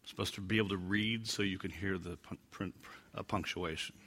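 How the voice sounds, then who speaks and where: A man's voice: low voice, fairly quick. A man teaching a Bible passage verse by verse, joking about his own gags and acting out the quotes he reads. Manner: acts out quotes in lively put-on voices.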